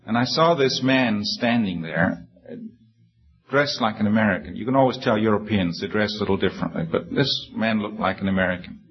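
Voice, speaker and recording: A man's voice: a little fast, breathy edge, muffled recording. A man preaching a sermon, reading scripture and telling a personal story in an earnest, humble manner, often restarting phrases. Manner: earnest, humble, with frequent restarts and emphatic high peaks.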